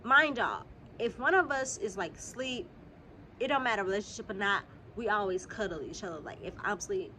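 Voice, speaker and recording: Young woman, casual storytime vlog, animated and profane, a bit sick, throat clearing, phone camera outdoors, faint background noise. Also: medium pitch. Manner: animated, profane, talks straight to viewers. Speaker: vlogger.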